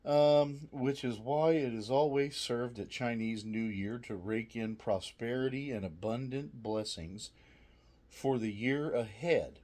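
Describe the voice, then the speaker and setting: A man's voice: medium pitch, unhurried, darkish tone. A man casually reviewing snacks, reading trivia aloud with jokey asides, swearing and laughing often.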